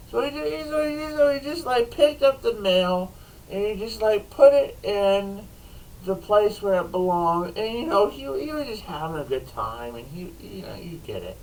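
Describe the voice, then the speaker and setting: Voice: medium pitch, sing-song, moderate pace, darkish tone, distant mic, rough recording. A rambling storyteller spins an improvised comic yarn, circling back and restarting sentences as they go. The voice sits a little away from the mic, with a faint hiss of background noise. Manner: rambling, restarts, frequent laughter.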